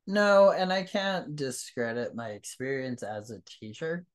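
Animated male teacher hosting a podcast. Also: medium pitch, unhurried. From New Mexico. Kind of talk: casual podcast conversation.

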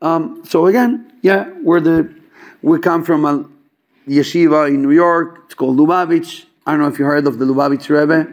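Man, casual storyteller, slightly high voice, filler-heavy, acts out dialogue. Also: normal speed. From Chabad yeshiva student background. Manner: animated, acts out quoted dialogue, many fillers. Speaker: storyteller at a gathering.

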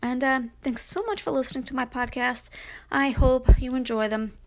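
A woman's voice: sits high, fairly even intonation, normal speed. A middle-aged woman hosting her own podcast, talking casually in a rambling, chatty way full of fillers and restarts. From Brooklyn, New York. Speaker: podcast host. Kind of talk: casual solo podcast monologue.

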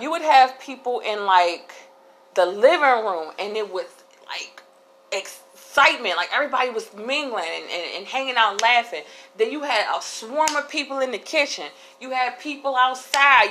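A woman's voice: on the high side, a bit bright, rough recording. A woman hosting a casual solo podcast, talking candidly in a rambling way with frequent restarts. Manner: candid, rambling, laughs between thoughts. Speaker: podcast host.

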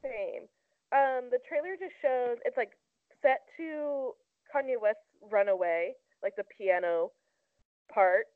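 A woman's voice: a little high, takes it slowly, dry recording. A young woman co-hosting a casual celebrity gossip chat, talking loosely with lots of "like". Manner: chatty, heavy use of "like". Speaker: co-host. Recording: tinny phone-like sound.

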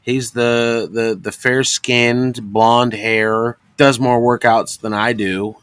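A man's voice: medium pitch, level tone, slow pace, a bit bright, clear, resonant tone, no echo. Podcast co-host, male, rambling storyteller, profane, dry mic. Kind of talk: crude casual chat.

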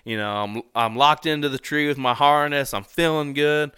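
A man telling a story about a hunting trip in a relaxed, conversational way. He laughs often and slips into voices for the people in his tale. His voice is bright and crisp, recorded dry and up close. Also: a little high, normal speed, no room sound. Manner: animated, laughs often, acts out voices in quotes. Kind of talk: casual storytelling.

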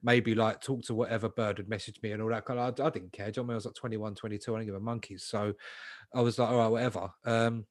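A man's voice: lowish voice, steady tone, racing, no room sound, studio quality. A young man telling a long, slangy, swear-filled anecdote in a casual podcast chat. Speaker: podcast co-host.

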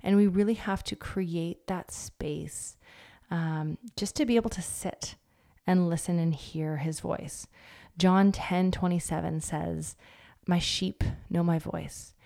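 A woman's voice: fairly low pitch, steady tone, takes it slowly, gravelly, mellow. A woman in her thirties giving a casual devotional talk, speaking conversationally with fillers and acting out little quotes. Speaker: Christian speaker.

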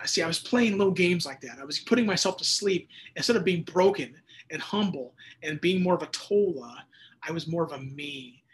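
A man's voice: on the high side, expressive, moderate pace. A man hosting a Bible teaching show, reading listener texts and talking casually, with bursts of emphatic preaching.

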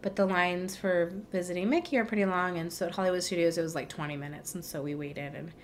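Chatty young woman, slightly low voice. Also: fairly even intonation, quick pace, slight background noise. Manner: chatty and rambling, many "like"s. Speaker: podcast co-host. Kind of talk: casual chat.

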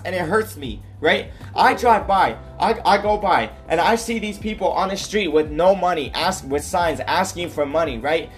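A man hosting his own podcast, talking earnestly about his life and often checking in with "right?" and "okay?". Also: high voice. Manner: earnest, repeats himself, tags lines with "right?" and "okay?". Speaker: podcast host. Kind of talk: solo personal podcast monologue.

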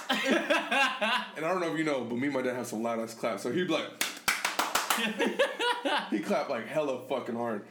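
Animated young man in an echoey room. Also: fairly high pitch, a little slow, pauses often. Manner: animated, profane, laughs often and mimics his dad. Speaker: podcast co-host. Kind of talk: casual chat. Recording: echoey room with faint noise.

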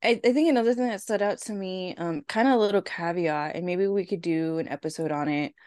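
Deep-voiced woman, hesitant podcast co-host. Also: fairly quick, a little mellow, no room sound. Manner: rambling, hesitant, many fillers. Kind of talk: casual chat.

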